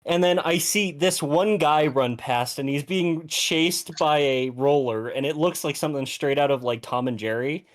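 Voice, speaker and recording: A man in a casual gaming chat who swears freely and chimes in quickly. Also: on the high side.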